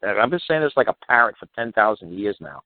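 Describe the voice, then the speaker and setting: A man on a talk show call, explaining court procedure in an emphatic, repetitive way and mocking officials with quick impressions. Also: on the low side, lively intonation, dry recording. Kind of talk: animated phone-in talk. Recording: tinny phone line, dry.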